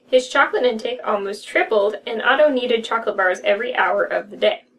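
Young adult woman, higher pitch, slightly distant from the mic, giggly casual co-reader. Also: fairly bright tone. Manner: giggly, quick to laugh and riff on jokes. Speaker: co-host reading horror stories aloud. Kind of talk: casual reading and chatty reactions. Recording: voice a bit off-mic.

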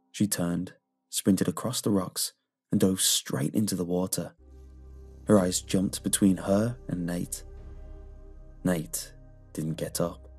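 A man with a very low, gravelly voice narrates a horror story in a slow, measured way. His tone is husky, and faint music plays underneath. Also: darkish tone.

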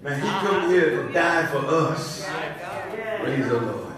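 A high-pitched man preaches a fiery sermon and shouts lines out to the congregation. His voice rings through a very echoey church, picked up from a distance, with the crowd audible behind him. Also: lively intonation, takes it slowly. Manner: shouting, call-and-response preaching. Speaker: bishop. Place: church sanctuary.

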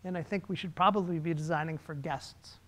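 Presenting slides in a laid-back, conversational way, this male designer speaks on the high side and fills his pauses with filler words.

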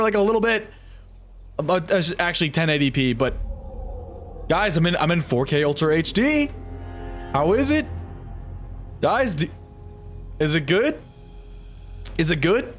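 A man's voice: a little high, big pitch swings, measured pace, long pauses, faint music behind. A young man streaming a game live from home, talking to his chat in a flustered, swearing way. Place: home room with computer.

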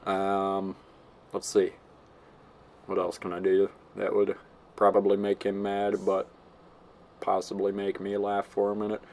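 A man's voice: fairly low pitch, completely flat delivery, measured pace, creaky, pauses often, a little mellow, slight background noise. A man giving casual gameplay commentary, rambling and giggling as he mocks himself. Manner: rambling, giggly, self-mocking.

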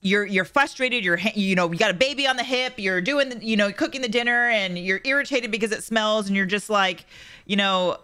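A woman's voice: medium pitch, brisk, bright, forceful tone, clean tone. A woman hosting a podcast in casual chat, talking freely and acting out quoted remarks. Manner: chatty, acts out quoted remarks, reads chat messages. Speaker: podcast host.

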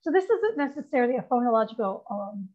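A literacy educator presents a lesson on spelling to teachers, explaining it step by step and checking in with "right?" and "okay?". Her voice is a little high, sing-song, fast and narrow, and the audio is tinny.

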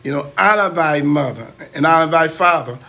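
High-voiced older man, preachy and defensive. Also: normal speed, gravelly, pushed and bright, reverberant, a little hiss or hum. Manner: defensive, preachy, repeats himself. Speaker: uncle on a livestream. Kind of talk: casual livestream banter.

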